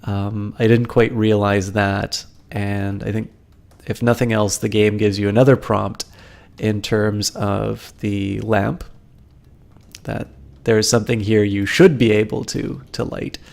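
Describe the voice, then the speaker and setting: Man, low voice, gravelly fry, rambling live-stream commentary. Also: little pitch movement, a little slow, a little mellow. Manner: rambling, many ums and restarts, chatting to viewers while playing.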